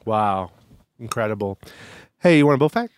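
Playful, lively man co-host. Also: on the low side, moderate pace, clear, resonant tone, dry recording, studio quality. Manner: playful, teasing, dramatic buildup. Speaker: podcast co-host. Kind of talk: casual chat.

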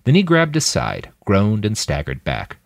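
A man narrating a thriller audiobook in an expressive, dramatic manner. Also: on the low side, unhurried, vocal fry, no echo, clean studio sound. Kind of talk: scripted narration.

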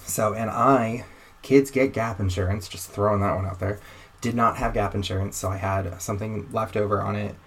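A young man in a casual conversation, telling a personal story in a wry, animated way and acting out the voices of the people he talks about. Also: fairly low pitch, normal speed, husky. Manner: animated, wry storyteller who acts out quoted exchanges.

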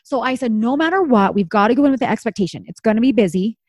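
Woman, thirties, animated storyteller, slightly high voice, dry close sound. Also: fast talker, no echo. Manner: animated storyteller, acts out quotes, laughs often. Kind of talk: casual chat.

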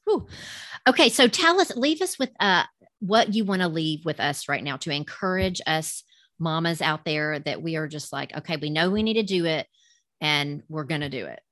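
A woman's voice: deep voice, expressive, normal speed, fairly bright tone, dry recording, clean studio sound. A woman with a Southern accent hosting a podcast, chatty and affirming with many murmurs of agreement. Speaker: podcast host. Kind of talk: casual faith-based podcast interview.

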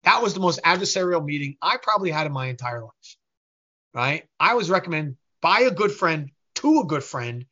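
A man's voice: fairly high pitch, moderate pace, dull audio. A man who is a business owner, talking as a guest in an interview and telling a story while acting out the voices of the people in it. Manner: animated, acts out quoted voices.

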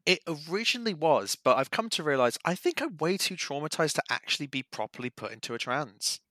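Chatty man, bright voice. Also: a little high, big pitch swings, brisk, dry recording. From England. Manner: rambling, filler-heavy, drifts between accents. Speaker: podcast guest. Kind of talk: casual chat.

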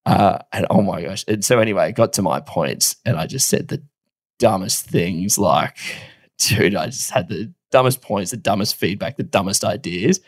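Man, thirties, gravelly low voice, casual podcast storytelling, dry close sound. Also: normal speed, dry recording. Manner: animated, swears casually, laughs often. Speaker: podcast co-host.

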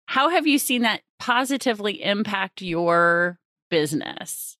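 A woman's voice: medium pitch, measured pace, dry recording, studio quality. A woman hosting a casual interview, affirming her guest and asking follow-up questions. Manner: lively, affirming, asks follow-ups. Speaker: host.

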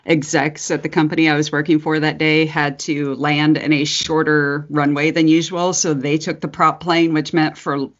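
Husky, hoarse-voiced woman podcast host. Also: sits low, little pitch movement, normal speed, hardly any pauses. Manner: laughs often, swears freely. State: hoarse, husky from screaming voice work. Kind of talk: casual chat. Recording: dull lo-fi podcast audio.

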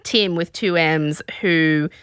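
A woman hosting a casual podcast, telling a story in an animated, chatty way. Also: low-pitched, slow pace, clean tone, dry recording, studio quality. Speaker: podcast host. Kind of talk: casual chat recapping a show.

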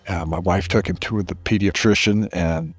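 Deep husky-voiced man telling a personal story. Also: moderate pace, no room sound. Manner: earnest, reflective, emphatic. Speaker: podcast guest.

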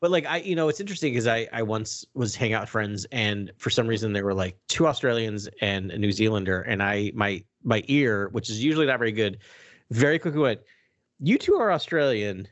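A man co-hosting a casual podcast chat, animated and self-deprecating with quick laughs. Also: fairly low pitch. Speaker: podcast co-host.

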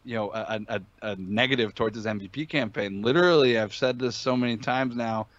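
A man's voice: mid-range voice, brisk, fairly bright tone, dry recording, muffled recording. A man talking sports betting in a casual podcast chat, emphatic and opinionated, with many fillers and restarts.

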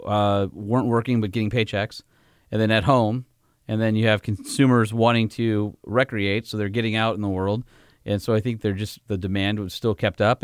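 A man's voice: lowish voice, smooth, no room sound, clean studio sound. A man co-hosting a podcast, chatting in an easygoing, joking way with lots of fillers. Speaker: podcast co-host. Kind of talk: casual chat.

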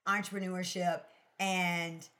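A woman guest in a casual interview, telling her story in an expressive, emphatic way and laughing often. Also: fairly low pitch, slow pace. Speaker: podcast guest, sales consultant.

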